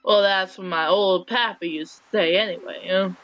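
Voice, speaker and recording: A woman's voice: medium pitch, steady tone, moderate pace, lightly acted. A woman voicing a friendly male fisherman in a video game, making a half-hearted try at a sailor's way of talking. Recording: dull lo-fi with faint hiss.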